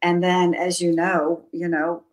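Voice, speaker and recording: Lower-voiced woman guest telling a story. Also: flat delivery, measured pace, rough recording. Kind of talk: casual interview chat.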